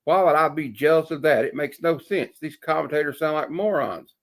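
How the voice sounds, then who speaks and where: A man's voice: fairly high pitch, a little fast, close to an everyday voice. A man reading out a cocky male speedster hero in a slightly raised, scoffing voice. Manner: scoffing, dismissive.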